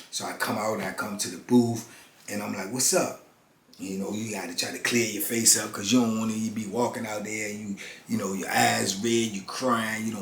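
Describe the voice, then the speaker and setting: Earnest low-voiced man in his fifties. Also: slight background noise. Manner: halting, earnest, many restarts and "you know what I'm saying". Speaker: formerly incarcerated channel host. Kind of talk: personal storytelling. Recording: roomy room with faint ambience.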